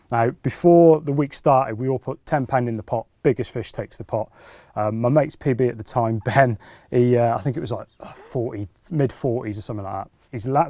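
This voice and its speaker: A man's voice: mid-range voice, dark tone, no room sound. A man recounting a fishing trip in a chatty, casual way. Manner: chatty storyteller. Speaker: fishing consultant. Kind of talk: casual anecdote.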